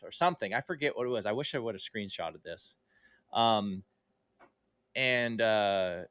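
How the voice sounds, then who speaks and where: A man's voice: mid-range voice, animated, brisk, fairly bright tone, no echo. A man who is a guest on a podcast, telling a story in a casual way and acting out quoted dialogue in livelier tones. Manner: conversational, with frequent fillers and self-corrections.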